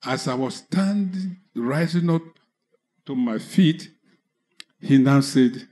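A man preaching with a Nigerian English accent, telling a personal conversion testimony slowly, with halting restarts. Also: medium pitch, mellow. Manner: slow, halting storytelling with restarts. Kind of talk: testimony sermon.

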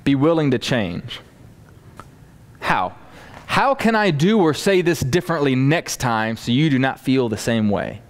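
A man's voice: mid-range voice, sing-song, unhurried. A man preaching a sermon to a congregation, acting out everyday dialogue as he teaches. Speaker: pastor.

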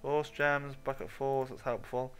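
A man at a mid-pitched, everyday voice, rambling through his game with goofy asides and frequent swearing. He talks to himself as he plays, casual and unpolished, with faint music playing behind. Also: little pitch movement, a little slow, a bit bright, clean tone. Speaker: gaming channel host. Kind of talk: casual let's-play commentary.

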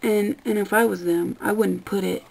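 Gravelly-voiced woman ranting, exasperated. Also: mid-range voice, steady tone, moderate pace, low-quality recording. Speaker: vlogger. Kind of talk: casual ranting vlog.

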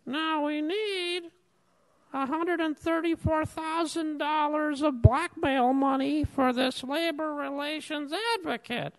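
A man giving a sarcastic, accusatory public comment at a council meeting, speaking slowly and deliberately. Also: extremely high pitch, a bit bright, in a large hall, low-quality recording. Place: council chamber.

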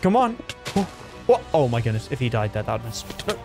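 A young man talks through his gameplay with a lively voice that swings up high when a fight gets tense. His pitch sits in the middle range. Soft music plays faintly behind him. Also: quick pace, gravelly. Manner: excitable, pitch jumps sharply in tense fights. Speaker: gaming streamer. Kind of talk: live gameplay commentary.

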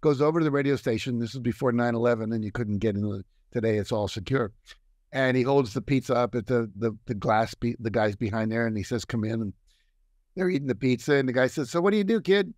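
Talking fairly quickly at medium pitch, an older guest success coach shares stories in conversation and animatedly imitates the people he quotes. The recording is dry and studio quality.

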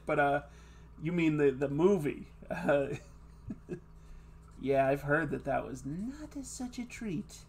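A man's voice: fairly high pitch, a little slow. A man from the Boston area, hosting a casual chat while drawing and laughing at himself. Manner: self-mocking, laughs at his own jokes. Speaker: host.

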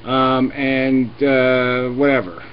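A man's voice: mid-range voice, level tone, slow, a little hiss or hum. A man hosting a live video chat, ranting and swearing sarcastically as he argues with callers. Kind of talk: heated live debate. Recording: lo-fi webcam stream audio.

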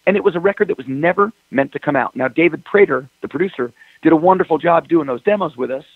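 Over a dry, tinny phone line, a rock singer in a laid-back interview tells stories and mimics callers in quoted voices. He talks fast, his voice on the high side and husky, with no echo.

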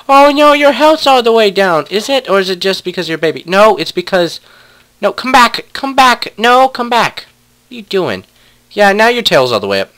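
A man's voice: high-pitched, a bit bright. A young man casually commentating a block-building game, playfully talking to his pet wolves. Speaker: let's play gamer.

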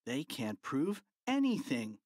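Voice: mid-range voice, wildly swooping pitch, slow, darkish tone, no echo, clean studio sound, heavily acted. A narrator voicing a mischievous, confident schoolboy who reassures his friend. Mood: cocky.

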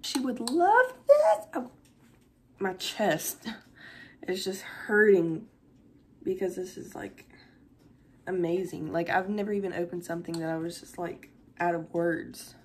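A woman's voice: fairly low pitch, fairly even intonation, measured pace, a little hiss or hum. A young woman, chatting through an unboxing vlog, gushing and close to tears. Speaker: vlogger.

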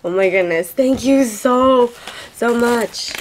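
A woman's voice: fairly high pitch, takes it slowly, darkish tone, a little hiss or hum. A young woman hosting a toy channel, gushing and giggling as she unboxes a package at home on camera. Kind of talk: excited unboxing chat.

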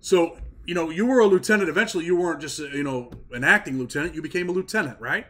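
A man's voice: a little high, fast talker, sharp tone. A man hosting an interview, a former prisoner who talks in street slang and keeps asking leading questions that end in "right?". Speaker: podcast host, former prisoner. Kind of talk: casual interview chat.

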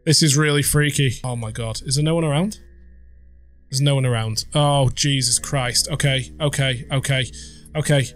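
A man's voice: medium pitch, steady tone, normal speed, fairly bright tone, a little hiss or hum. A young man playing a horror game on video, reacting with startled swearing and muttered comments. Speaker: gaming YouTuber.

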